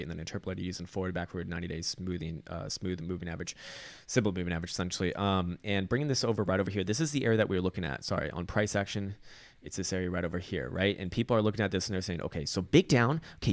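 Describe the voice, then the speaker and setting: Fast-talking, low-voiced profane man. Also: no echo. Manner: rambling, profane, full of fillers and restarts. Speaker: crypto chart analyst. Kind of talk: casual market analysis commentary.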